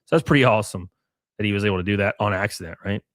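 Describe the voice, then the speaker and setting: A man's voice: fairly low pitch, very fast, a bit bright, no echo, studio quality. A man from Alabama with an Alabama Southern accent, hosting a casual livestream, reading chat and rambling with crude joking asides.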